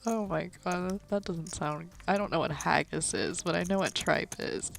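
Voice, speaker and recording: Creaky-voiced female poker commentator. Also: on the low side, normal speed. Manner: chatty, laughs easily. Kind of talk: casual live commentary.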